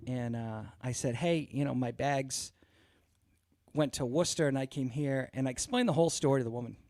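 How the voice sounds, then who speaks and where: A man's voice: medium pitch, brisk, a little mellow, dry recording, studio quality. A man hosting a podcast, telling a long, exasperated story in a casual, profane way full of fillers. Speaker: podcast host.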